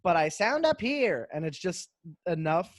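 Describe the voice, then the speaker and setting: Comedian guest, male, slightly high voice, dry close home mic, quick joking storyteller. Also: big pitch swings, no room sound. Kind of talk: casual chat. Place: home, remote. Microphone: home microphone, remote call.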